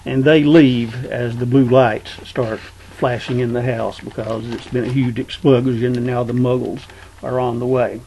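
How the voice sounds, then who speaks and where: A man casually discussing a book, talking in an unhurried way and reading passages aloud. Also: mid-range voice, flat delivery, vocal fry, mellow, slight background noise, rough recording. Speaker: book reviewer.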